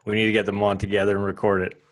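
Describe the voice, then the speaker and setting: A man's voice: fairly low pitch, monotone, racing, no echo, low-quality recording. A man co-hosting a rugby podcast, chatting easily with a few hesitant restarts. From Canada. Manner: easygoing, warm chat with hesitant restarts. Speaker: podcast co-host and rugby coach. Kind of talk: casual podcast chat.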